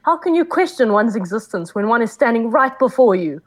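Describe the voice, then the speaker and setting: A woman's voice: on the high side, sing-song, a little fast. A woman voicing a proud young nobleman who speaks formally and takes offense easily, in a tabletop game. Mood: indignant. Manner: formal, haughty, indignant.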